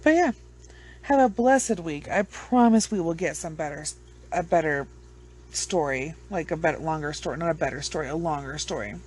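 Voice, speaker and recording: A woman's voice: low-pitched, normal speed, a little mellow, breathy edge. A woman with children chatting casually to her viewers, rambling, blunt and swearing freely. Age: adult with children. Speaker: true crime vlogger. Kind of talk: casual chat to camera.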